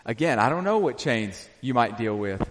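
A male pastor preaching a sermon in a church, emphatic and then dropping to quiet intensity at the ends of phrases. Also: mid-range voice, big pitch swings, normal speed. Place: church sanctuary. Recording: long hall reverb.

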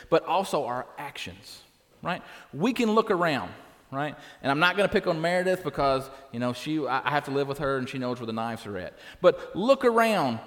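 Pastor in the pulpit, a man with a high voice, talking plainly to his congregation; church reverb on the sound. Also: a bit bright. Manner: conversational, tags lines with "right?". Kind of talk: sermon.

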